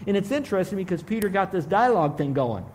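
Man pastor, high voice, animated sermon delivery, acts out quotes slowly. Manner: animated preaching with big swings in loudness; acts out dialogue in slow, drawn-out voices.

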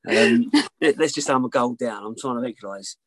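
A man's voice: mid-range voice, a little fast, dry recording, poor audio. A man telling a candid personal story as an interview guest, rambling, repeating himself and swearing freely.

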